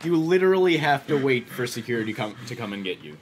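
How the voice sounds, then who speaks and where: A man's voice: mid-range voice, very animated, quick pace. Male co-host, casual gaming banter, wry; noisy recording. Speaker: let's play co-host.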